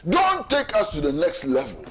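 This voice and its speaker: Ghanaian male talk-show host, middle-aged, high voice, hammers home rhetorical questions. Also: wildly swooping pitch, normal speed, breathy edge. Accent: Ghanaian English. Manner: emphatic, repeats rhetorical questions. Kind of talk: political commentary.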